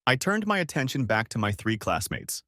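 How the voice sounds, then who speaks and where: Male audiobook narrator, bitter and curt, lively pitch. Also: normal speed, no echo, studio quality. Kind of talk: first-person audiobook narration.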